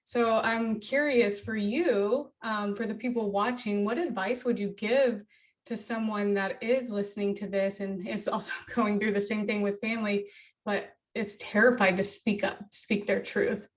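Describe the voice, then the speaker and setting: A woman of middle pitch hosts the interview, talking in an earnest, chatty way with many fillers. She sits a little back from the microphone, so her voice sounds slightly distant. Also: steady tone, unhurried. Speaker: interview host. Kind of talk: casual interview talk.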